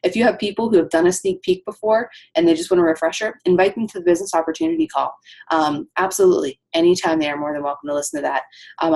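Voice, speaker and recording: A woman's voice: fairly low pitch, a little mellow. A woman coaching her team on a casual call, chatty with lots of ums and asides.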